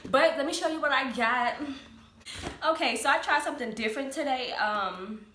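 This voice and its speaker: A woman's voice: sits high, normal speed, bright, forceful tone. A young woman vlogging casually at home, chatting while she eats in front of her camera. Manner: chatty, eating while talking. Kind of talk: casual mukbang chat. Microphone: camera mic. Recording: echoey room, faint ambient noise.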